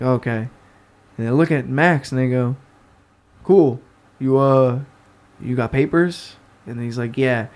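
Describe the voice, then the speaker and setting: Clear and resonant, this mid-range male voice belongs to a young New Yorker guesting on a podcast. Chatting casually, he spins a story with plenty of swearing, animatedly acting out each character's voice.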